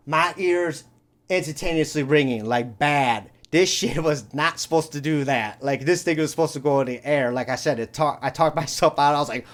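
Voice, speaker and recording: A man's voice: mid-range voice, moderate pace. A man hosting a podcast, telling a story casually and rambling, full of "you know" and swearing. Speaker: podcast host.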